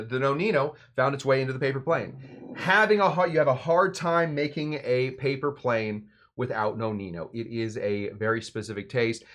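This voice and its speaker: A man's voice: medium pitch, a bit bright. A man hosting a home cocktail show, rambling and joking as he mixes and tastes drinks. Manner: rambling, joking, self-interrupting. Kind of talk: casual rambling cocktail demo.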